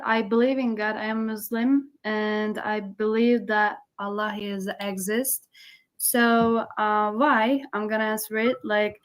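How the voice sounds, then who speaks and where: A woman in a casual online debate, speaking hesitantly with many fillers while she tells an anecdote. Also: fairly high pitch. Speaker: participant in online discussion. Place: online voice chat room.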